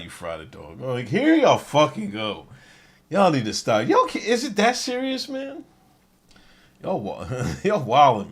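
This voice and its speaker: A man reacts to a video for his stream, chatting with viewers. He speaks slowly, with a pitch that rises and falls a lot. His manner is laid-back and profane. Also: slight background noise. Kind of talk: casual reaction commentary.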